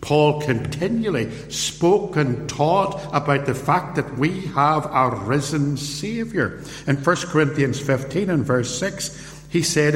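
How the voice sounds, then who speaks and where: A man preaching a sermon, telling the story slowly and acting out the quoted voices. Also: a little high, sing-song. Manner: slow, deliberate storytelling with acted-out quotes. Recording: roomy hall with long reverb.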